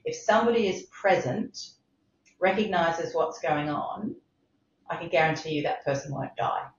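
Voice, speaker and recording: A woman's voice: sits low, normal speed, slight background noise. A middle-aged woman, a medical director, speaking emphatically in a podcast interview. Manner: impassioned, emphatic, repeats for stress. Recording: roomy, slightly dull sound.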